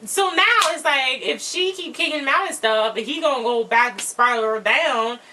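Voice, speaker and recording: A woman's voice: fairly high pitch, expressive, moderate pace. A woman chatting casually as co-host of a TV recap channel, asking pointed questions about the show. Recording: distant mic with faint background noise.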